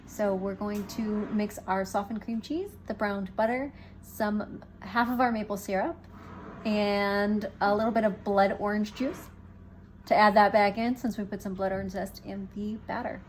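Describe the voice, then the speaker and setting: In her kitchen, a woman presenting a home baking show makes a recipe while bantering playfully with viewers. She speaks at a moderate pace with a mid-range voice and steady tone, over slight background noise.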